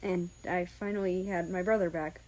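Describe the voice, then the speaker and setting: A woman's voice: fairly low pitch, steady tone, moderate pace, close to an everyday voice, low-quality recording. A woman voicing a fragile, tearful young man. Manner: quiet, apologetic, whimpering. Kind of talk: fan fiction audiobook reading.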